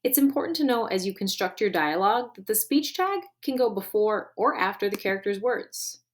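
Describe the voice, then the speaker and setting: Woman teacher walking through a grammar lesson slow n clear, leans on key words. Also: mid-range voice, expressive, slight background noise. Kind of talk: recorded online grammar lesson.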